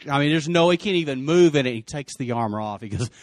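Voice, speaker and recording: A male pastor preaching a sermon, telling the story in lively, casual slang and acting out the people's lines. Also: mid-range voice, quick pace, no room sound.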